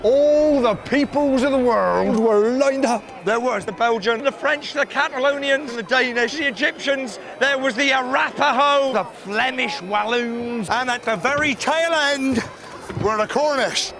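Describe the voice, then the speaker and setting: A man from Cornwall telling a folk tale in a lively, theatrical way. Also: very high-pitched, a little slow. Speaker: storyteller. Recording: music behind.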